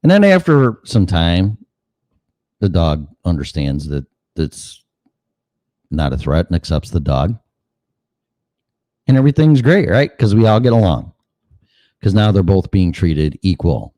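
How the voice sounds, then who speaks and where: A man's voice: deep voice, wildly swooping pitch, a little slow, long pauses, warm tone, dry recording. A man hosting a show in a casual, rambling monologue, cursing freely and asking rhetorical questions. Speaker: show host.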